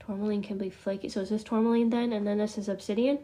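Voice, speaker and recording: A woman's voice: medium pitch, flat delivery, fast talker, warm tone. A middle-aged woman hosting a casual live class on crystals, talking in a chatty, scattered way with frequent laughs and muttered asides. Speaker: spiritual class host.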